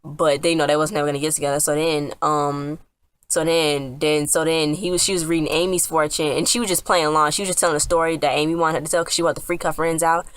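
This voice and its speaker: A woman's voice: low-pitched, flat delivery, quick pace, no room sound. A woman casually recapping a TV episode, rambling with lots of fillers and restarts. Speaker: TV episode reviewer.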